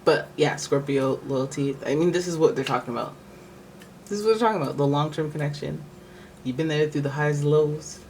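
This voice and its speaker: A man's voice: fairly high pitch, a little fast, low-quality recording. A man giving a casual tarot reading, rambling and thinking aloud, full of restarts and fillers. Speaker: tarot reader. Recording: steady background noise.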